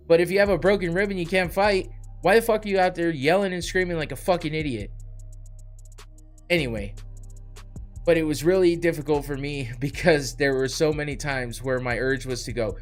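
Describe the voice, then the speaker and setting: A man's voice: fairly high pitch, normal speed, faint music behind. Man ranting, profane and blunt. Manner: blunt, swearing, laughing between jabs. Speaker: podcast host. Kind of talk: heated profane rant.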